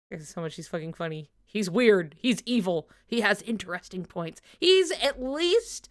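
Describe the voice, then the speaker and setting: A woman's voice: medium pitch, big pitch swings, unhurried. Rambling, giggly woman streamer. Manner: rambling, filler-heavy, swears, laughs often. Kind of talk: casual watch-along chat.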